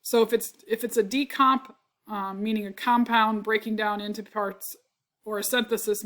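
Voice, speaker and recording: A congested woman who clears her throat a lot, teaching chemistry in a recorded lecture. She explains step by step, often checks with "right?" and corrects her own slips. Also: mid-range voice, fairly bright tone.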